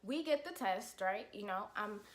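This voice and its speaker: A young woman telling a casual storytime vlog at home, chatty and expressive, with loud exasperated rants. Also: medium pitch, normal speed. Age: young adult. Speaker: college student vlogger. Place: at home, indoors.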